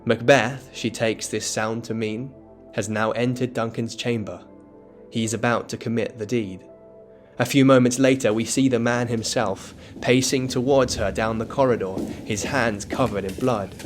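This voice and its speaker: A man giving scripted educational narration that explains a play, in a measured, dramatic storytelling tone. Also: mid-range voice, steady tone, faint music behind. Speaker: literature explainer.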